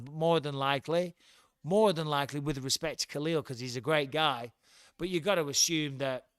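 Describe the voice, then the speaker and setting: A middle-aged man with an English accent talks loosely through a livestream from his home, blunt and quick to swear. His voice sits a little high for a man. The sound is dry and close, with no room around it. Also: a bit bright, no echo. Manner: chatty, blunt, swears freely. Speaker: livestream host. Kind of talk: casual livestream chat.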